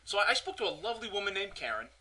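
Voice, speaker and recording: A man's voice: high voice, sing-song, rapid-fire, bright, forceful tone. A young man co-hosting a podcast, telling a long story in a rambling, stammering way with many repeated words. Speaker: podcast co-host. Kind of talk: casual chat.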